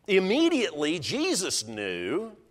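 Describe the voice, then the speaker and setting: Animated preacher in a reverberant hall. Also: male voice, sits high, slow pace. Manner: animated storytelling, acting out voices of listeners. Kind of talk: sermon.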